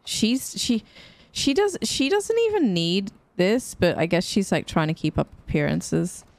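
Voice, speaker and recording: A woman's voice: mid-range voice, expressive, a little slow, gravelly, dry recording. A woman hosting a gaming channel, giving casual, playful let's-play commentary full of jokey reactions.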